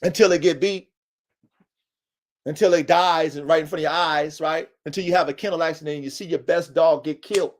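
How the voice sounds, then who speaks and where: A man with a high-pitched voice delivers a livestream podcast monologue. He lectures emphatically and preaches to his audience, circling back over the same points in loose, slangy speech. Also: fairly even intonation, a little fast. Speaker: podcast host.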